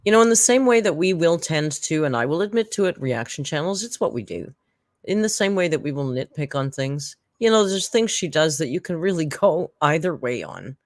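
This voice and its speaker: A live-stream reaction host talks to chat in a chatty, sarcastic way, mid-pitched and recorded dry with no room sound. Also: expressive, fairly quick, no echo.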